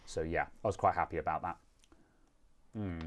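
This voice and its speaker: A man's voice: sits low, fairly even intonation, moderate pace. A British man hosting a live stream, chatting casually in a rambling, self-mocking way. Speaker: streamer host.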